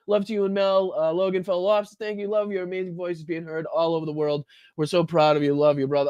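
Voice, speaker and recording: A man's voice: sits high, brisk, a little mellow, no room sound, studio quality. A man with a Boston accent hosting a political podcast, reacting to a video with sarcastic, laughing, profane commentary.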